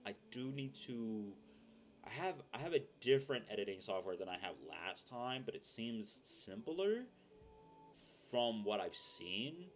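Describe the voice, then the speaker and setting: Young guy streamer just rambling, deep low voice, lots of likes and ums. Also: a bit bright, slight background noise. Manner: rambling, filler-heavy, deep voice. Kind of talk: casual chat. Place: home room. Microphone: desk mic.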